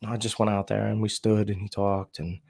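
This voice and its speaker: A man candidly telling a painful personal story, raw and profane, halting and restarting his sentences. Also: on the low side, flat delivery, vocal fry, a little mellow. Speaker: storyteller sharing recovery story.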